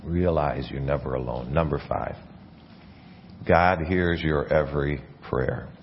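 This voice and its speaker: A man's voice: rumbling low, unhurried, muffled recording, a little hiss or hum. A man preaching a sermon as a pastor, earnest, often restarting and repeating words mid-phrase. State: coughing, something in his mouth. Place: church.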